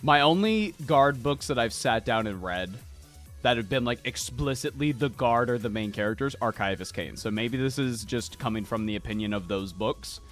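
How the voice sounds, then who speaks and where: Bright-voiced man, animated casual chat. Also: medium pitch, faint music behind. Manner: animated, swearing, fast storytelling. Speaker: podcast co-host. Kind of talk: casual chat while painting miniatures.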